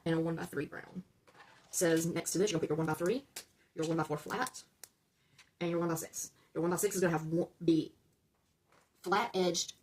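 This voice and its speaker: A woman's voice: on the low side, a little mellow, a little hiss or hum. A woman hosting a casual build-along, talking viewers through each step, often checking in with "okay?" and stumbling over numbers and correcting herself. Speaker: LEGO build-along host.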